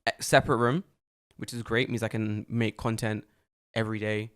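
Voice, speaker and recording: Man, podcast co-host, casual chat, animated storyteller, swears a lot. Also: fairly low pitch, moderate pace, clean tone.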